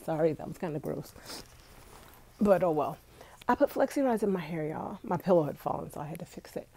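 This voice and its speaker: A woman's voice: deep voice, animated, fairly quick, creaky, dark tone, breathy edge. A young woman congested with allergies, chatting casually and directly to her viewers on a live stream from home. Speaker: vlogger. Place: indoors at home.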